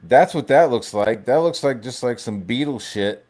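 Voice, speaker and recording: A man hosting a casual live stream, ranting in a profane, rambling, animated way. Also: medium pitch, moderate pace. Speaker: livestream host.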